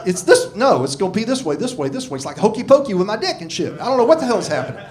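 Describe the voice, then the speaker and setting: A man in his sixties doing a gruff, profane, self-mocking stand-up comedy set on a club stage. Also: high voice, sing-song, racing, darkish tone. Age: 60s. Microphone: handheld stage mic. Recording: live club recording with crowd laughter. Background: audience laughing.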